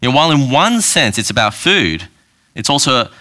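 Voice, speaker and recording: A man's voice: mid-range voice, very animated, a little fast, sharp tone. A man preaching a sermon in a conversational way, often asking the congregation questions and checking in with "all right". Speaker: pastor.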